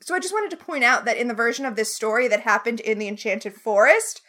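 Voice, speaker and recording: A woman's voice: fairly high pitch, lively intonation, quick pace, sharp tone. A woman co-hosting a casual podcast chat, recapping a TV episode with opinionated, wry asides. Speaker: podcast co-host.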